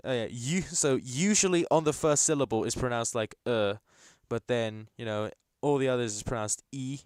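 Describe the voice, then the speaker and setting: A man's voice: medium pitch, normal speed, no echo, clean studio sound. A young man chatting casually while hosting a live football watchalong, rambling and reacting to the match. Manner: casual, rambling, bursts into excited shouts at chances. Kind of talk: live match commentary chat.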